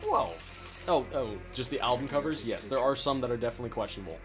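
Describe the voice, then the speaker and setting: A man's voice: mid-range voice, quick pace, over music. A man from California streaming a game, chatting casually in a laid-back, slangy, enthusiastic way. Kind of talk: casual chat while gaming.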